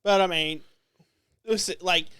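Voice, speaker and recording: A young man, rambling through casual podcast talk and swearing often. His voice sits fairly high for a man and sounds smooth and clear. It comes through a close mic in a dry room. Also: steady tone, a little slow, bright, forceful tone, no room sound. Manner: rambling, sweary, many fillers. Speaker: podcast co-host. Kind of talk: casual chat.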